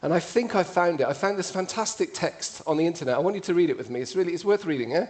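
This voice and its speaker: A man's voice: fairly high pitch, animated, fast. A man with an English accent giving a witty, conversational public talk to an audience. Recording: played from a video.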